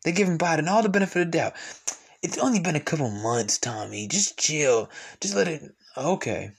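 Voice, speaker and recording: A man's voice: a little high, animated, a little fast, creaky, breathy edge. A man hosting a podcast, ranting in a blunt, profane, repetitive and argumentative way. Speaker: podcast host. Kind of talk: casual podcast rant.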